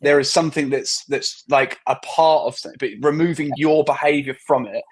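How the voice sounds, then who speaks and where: A man hosting an interview, talking in a measured way and often restarting his sentences. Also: fairly high pitch, steady tone, husky. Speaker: host. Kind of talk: conversational interview.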